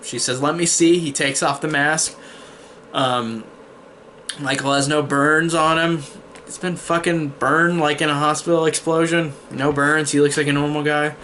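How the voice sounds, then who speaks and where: A man's voice: fairly high pitch, little pitch movement, unhurried, sharp tone, slight background noise. A man giving a casual spoiler review of a horror film, retelling the plot in long "and then" chains with casual swearing.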